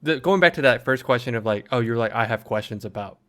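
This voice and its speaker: A man's voice: medium pitch, lively intonation, quick pace, fairly bright tone. A man co-hosting a casual podcast, talking in a loose, rambling way full of fillers. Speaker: podcast co-host. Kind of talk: casual chat.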